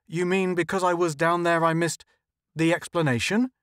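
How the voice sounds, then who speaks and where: A man's voice: on the high side, steady tone, moderate pace, clean tone, no room sound, studio quality, voice pushed up, close to an everyday voice. A man voicing a frantic, pleading shopkeeper. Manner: pleading, rising to desperate shouts. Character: frantic middle-aged male shopkeeper.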